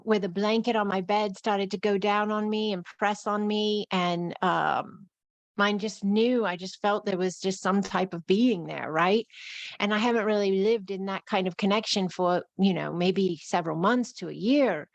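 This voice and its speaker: A woman's voice: mid-range voice, a little slow, no room sound. A woman with a New York accent giving a live-streamed spiritual talk in flowing, repetitive phrases. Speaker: spiritual teacher.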